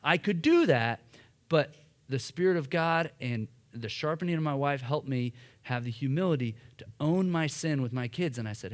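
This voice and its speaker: A man in his thirties preaching in church, telling a self-deprecating story in a casual, animated way. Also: mid-range voice, moderate pace. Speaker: pastor. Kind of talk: sermon with personal story. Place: church hall.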